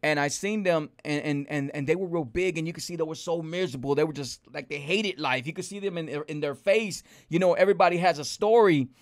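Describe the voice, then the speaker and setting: High-voiced man preaching on a livestream. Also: brisk, few pauses. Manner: animated and preachy, repeats rhetorical questions. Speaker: host of a health livestream. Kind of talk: casual livestream talk to viewers.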